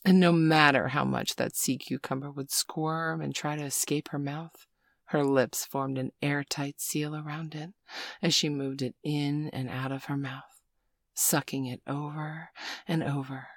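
A woman in whispered role-play, speaking slowly and coaxingly with pet names, close to the mic. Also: deep voice, steady tone, no echo. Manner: slow, coaxing, teasing, full of pet names. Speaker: audio role-play performer.

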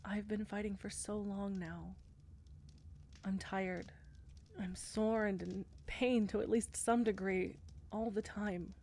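A woman voicing a shy, war-weary female knight commander in an audio role-play, speaking hesitantly with soft fillers. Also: mid-range voice, fairly even intonation, takes it slowly, slight background noise. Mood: shy, tender.

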